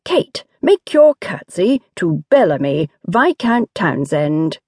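A woman's voice: on the low side, big pitch swings, slow, darkish tone, slightly rough, dry recording, clean studio sound, full character voice. A woman reading an audiobook, voicing a jovial teenage boy who banters with his little sister. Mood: teasing. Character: cheerful teenage boy, teasing older brother.

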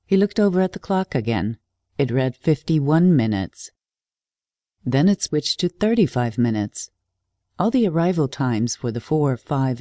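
Warm-toned woman narrating an audiobook. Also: very deep voice, no echo, clean studio sound. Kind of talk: scripted narration.

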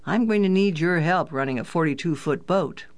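A steady, good-humored father, as an audiobook narrator reads him, explaining things patiently and teasing his kids gently. The reading stays close to the narrator's own everyday voice in a children's adventure story. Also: mid-range voice, moderate pace, natural voice. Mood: fatherly. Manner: calm, fatherly, gently joking. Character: kind, teasing father, capable sailor. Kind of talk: audiobook character voice.

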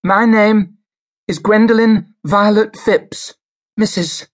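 A woman's voice: low voice, steady tone, unhurried, a little mellow, slightly rough, pitched above the performer's own voice. A male narrator voicing a frail, timid older woman witness who speaks hesitantly. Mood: nervous.

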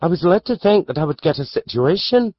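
A man's voice: a little high, big pitch swings, a little fast, dry recording, dull audio, voice pushed up. A man doing an eager young country lad. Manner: earnest, questioning.

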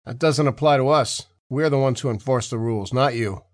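A man's voice: medium pitch, brisk, no room sound, studio quality, natural voice. A man voicing an arrogant, hot-headed male federal agent who barks orders in an audiobook. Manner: bossy, yelling.

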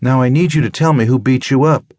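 A brisk, probing woman doctor, as a male narrator puts her on, firing off direct questions in a raised, lighter voice. She sounds clipped and matter-of-fact, with a dry, close sound to the reading. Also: medium pitch, darkish tone, dry recording, pitched above the performer's own voice, lightly acted.

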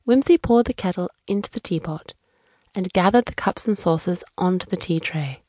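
A woman narrating a children's audiobook in a clear, measured storytelling manner. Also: lowish voice, dark tone, dry recording.

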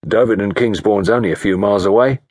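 A man's voice: fairly low pitch, fast, darkish tone, breathy edge, no echo, studio quality, pitched below the performer's own voice. A man voicing a cheerful chauffeur who reassures his employer. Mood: reassuring.

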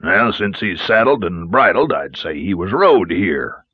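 A man doing a gruff old mountain man. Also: deep voice, very animated, a little slow, no echo, highs cut off, heavily acted. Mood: dry, teasing. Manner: folksy drawl with rough country grammar.

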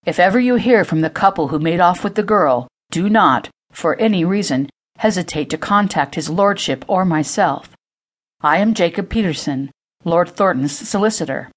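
A woman's voice: lowish voice, lively intonation, moderate pace. A woman voicing a polite, formal male solicitor who is small and fussy.

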